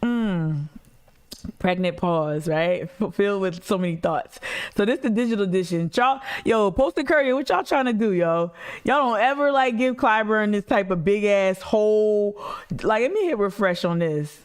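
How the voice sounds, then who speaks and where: A woman's voice: medium pitch, lively intonation, normal speed, clear, resonant tone. A woman hosting a casual livestream, blunt and emphatic, slangy, and talking straight to her chat. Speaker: activist livestream host.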